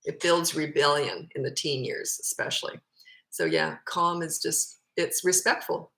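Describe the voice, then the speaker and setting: Woman, 50s, parenting coach doing casual Q&A; bright, forceful voice, blunt delivery, roomy echo. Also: deep voice, measured pace, gravelly. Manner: blunt, matter-of-fact, answers questions read aloud. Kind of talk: casual Q&A advice.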